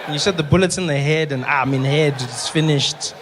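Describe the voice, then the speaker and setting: A man's voice: a little high, fairly quick, noisy background. A man doing stand-up comedy, telling a story and acting out the people in it. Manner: animated, acts out characters, shouting bursts.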